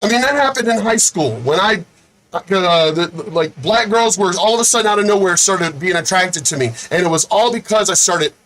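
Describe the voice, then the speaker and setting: A video host with a high, slightly bright voice delivers an angry, profane, repetitive rant at a moderate pace. He says outright that he's angry and fed up; the recording is rough.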